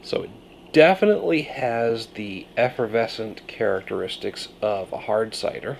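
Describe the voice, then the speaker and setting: A man's voice: lowish voice, sing-song, moderate pace, creaky, background noise. A man from Maine with a Maine accent, casually reviewing a cider in a rambling, jokey way. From Maine, USA. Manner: rambling, jokey, self-interrupting.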